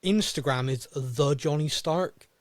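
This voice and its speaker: A man's voice: on the high side, unhurried, dry recording. Guy hosting a football podcast, chatty, laughs at himself, dry close sound. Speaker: podcast host. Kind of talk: casual chat.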